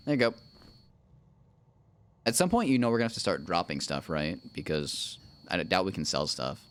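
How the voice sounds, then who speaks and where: A deep-voiced man with big pitch swings offers casual livestream commentary at a normal pace. He plays a video game with his wife, bantering playfully, describing what he's doing and humming goofy made-up tunes.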